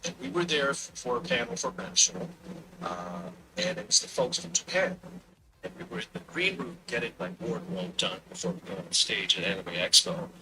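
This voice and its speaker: A man, a voice actor, casually telling an anecdote in a lively way and acting out the lines of the people in it. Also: medium pitch, normal speed, vocal fry. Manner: lively storyteller, acts out quoted dialogue. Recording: steady background noise.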